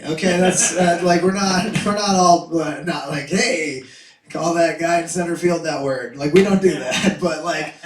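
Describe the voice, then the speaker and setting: A young man works through a stand-up set, self-deprecating and chuckling at his own lines. His voice sits a little high and reaches the mic from a distance. The small club around him sounds echoey and roomy. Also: gravelly, a bit bright. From Boston. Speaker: stand-up comedian. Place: small comedy club stage. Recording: echoey club, far mic, some noise.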